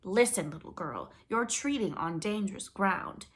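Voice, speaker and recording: A woman's voice: medium pitch, expressive, normal speed, lightly acted. A woman voicing a grumpy, touchy male dragon in a read-aloud storybook. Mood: irritated. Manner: gruff and easily offended.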